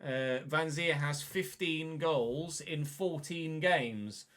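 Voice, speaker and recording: A chatty man calls his football game career as he plays it. His voice sits a touch high and sounds bright and forceful. He gets excitable and drops in the odd mild swear. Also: slow pace. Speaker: gaming YouTuber. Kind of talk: let's-play football game commentary.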